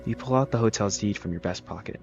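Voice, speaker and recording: A low-voiced man reads a visual novel aloud in a casual way, tripping over words and fixing them as he goes. The recording sounds dull and lo-fi, with music playing underneath. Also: quick pace, creaky, a little mellow. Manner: casual, self-correcting, joking asides. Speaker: let's-play reader.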